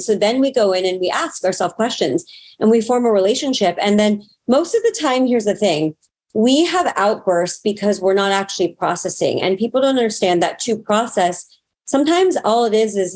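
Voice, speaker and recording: A woman's voice: medium pitch, expressive, normal speed, darkish tone. A woman spiritual teacher talking frankly in a casual interview, swearing now and then and acting out her own self-talk. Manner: acts out inner self-talk in quoted asides. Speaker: spiritual teacher and astrologer guest.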